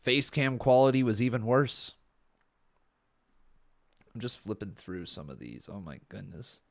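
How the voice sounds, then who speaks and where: A man's voice: fairly low pitch, sing-song, measured pace. A young man from Canada doing casual live-stream commentary, exclaiming and laughing often as he looks back at old videos.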